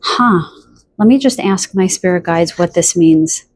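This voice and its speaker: A woman giving a channeled pick-a-card tarot reading in a chatty, spontaneous way, often pausing to search for words. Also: lowish voice, darkish tone. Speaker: tarot reader.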